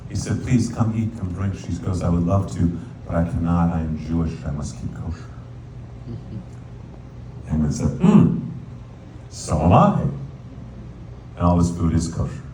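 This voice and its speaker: A rabbi telling a folk tale as a sermon, lively and playful, now and then singing verses in Hebrew. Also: male voice, sits low, normal speed, pauses often. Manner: animated storyteller, sings Hebrew verses. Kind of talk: storytelling sermon. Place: synagogue sanctuary. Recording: echoey hall, distant mic, faint room noise.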